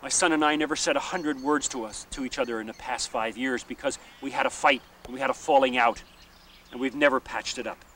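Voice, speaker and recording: A man voicing a heartbroken old father, speaking in a subdued, halting way. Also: mid-range voice, fairly even intonation, fairly bright tone, recorded from a distance, slight background noise, lightly acted. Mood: sorrowful. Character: grieving old Northern Irish father, quiet, heartbroken.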